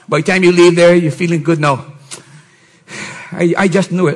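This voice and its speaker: A middle-aged man, a pastor, preaching a sermon and often rising to shouted emphasis with mocking put-on voices. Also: high-pitched, fairly even intonation, normal speed, pauses often, rough recording.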